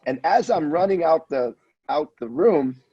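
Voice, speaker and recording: A man in his fifties telling a wild anecdote in a casual, animated way, acting out the voices of the people in it. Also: a little high, a little slow, husky. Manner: animated storyteller, acts out voices. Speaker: guest storyteller. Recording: dull lo-fi audio.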